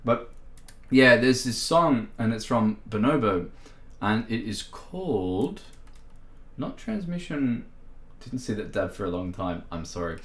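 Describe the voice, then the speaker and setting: A man's voice: lowish voice, animated, measured pace. A man with an Irish accent chatting playfully on a music livestream, giggling and laughing often. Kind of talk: casual livestream chat. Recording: roomy echo.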